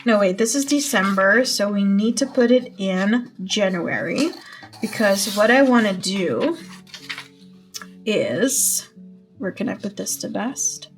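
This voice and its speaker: Chatty young woman, casual planner vlog, thinks aloud, soft music behind. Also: medium pitch, lively intonation, takes it slowly. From Netherlands. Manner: chatty, self-talking, playful exclamations. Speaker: vlogger.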